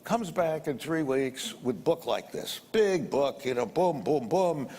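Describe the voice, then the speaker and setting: A man's voice: fairly high pitch, big pitch swings, measured pace, a little mellow, slightly rough. An older man telling a business story in a blunt, rambling way, repeating words and swearing a little. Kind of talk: anecdotal storytelling. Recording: roomy reverb with faint background noise.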